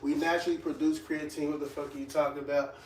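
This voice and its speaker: A man's voice: a little high, flat delivery, quick pace. A man who trains people, reacting to live comments in a blunt, mocking and profane way. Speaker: fitness trainer. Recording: echoey room, distant mic, faint hiss.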